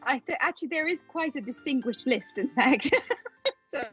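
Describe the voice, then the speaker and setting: A woman's voice: high-pitched, lively intonation, normal speed, a bit bright, slightly rough, lo-fi sound, faint music behind. A woman co-hosting a casual chat show, playful and giggly. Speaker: co-host.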